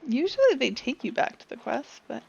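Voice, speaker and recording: A woman's voice: high voice, sing-song, fairly quick, creaky, a little mellow, slightly rough. A young woman streaming a game, chatty and playful, talking to her cat, recorded on a desk mic with dull lo-fi audio. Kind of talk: casual game stream chat.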